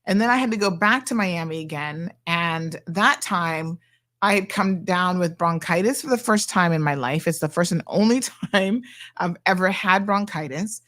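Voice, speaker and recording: A middle-aged woman, hosting a talk show and telling a story in a chatty, animated way. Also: fairly low pitch, normal speed. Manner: chatty and animated, acting out quoted people. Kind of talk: casual storytelling monologue.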